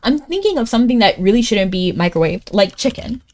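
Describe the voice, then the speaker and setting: A woman streams live, chatting casually and reasoning out loud over a word game at a brisk clip. She laughs often and her pitch shoots up with excitement.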